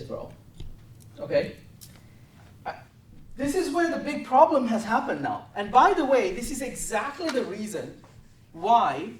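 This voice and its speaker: A high-pitched woman delivers a fierce, profane talk to her traders and keeps demanding that they answer her. She is picked up from a distance in an echoing meeting room. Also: darkish tone, slight background noise. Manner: intense, blunt, profane, presses for answers. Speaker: trading desk head. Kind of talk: confrontational mentoring talk. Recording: roomy, from a distance.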